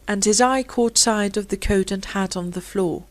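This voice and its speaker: Female audiobook narrator, measured scripted reading, dry close sound. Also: mid-range voice, no room sound.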